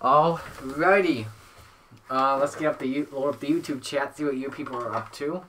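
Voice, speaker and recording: A man hosting and calling a simulated car race on a headset, excitable play-by-play that rises to near-shouts during the action. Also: mid-range voice, normal speed, slight background noise. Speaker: race commentator and host. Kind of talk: sim racing play-by-play commentary.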